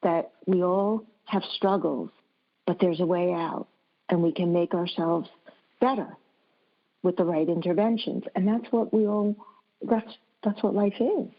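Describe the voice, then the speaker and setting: Woman, psychologist guest, measured and reassuring, lowish voice, dull lo-fi recording. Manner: measured, reassuring, slows down to stress points. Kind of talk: calm advice in an interview.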